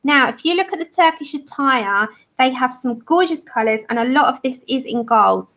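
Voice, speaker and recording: A woman's voice: high voice, animated, moderate pace, fairly bright tone, lo-fi sound. A woman hosting a colouring livestream, chatting enthusiastically and greeting viewers by name. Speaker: livestream host of a colouring channel. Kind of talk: casual livestream chat with viewers.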